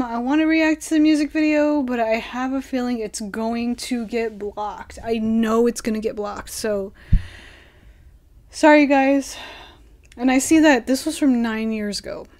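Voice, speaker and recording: A woman hosting her own reaction video, chatting casually and playfully with viewers and sometimes dropping into a soft whisper. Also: fairly high pitch, steady tone, measured pace. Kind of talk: casual reaction vlog chat.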